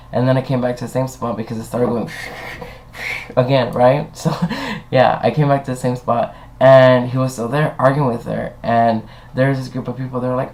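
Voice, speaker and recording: Brief: young male vlogger, sassy and animated, swears, plays every part of the argument himself. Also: medium pitch. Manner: acts out both sides of an argument with voiced quotes. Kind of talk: casual storytime rant.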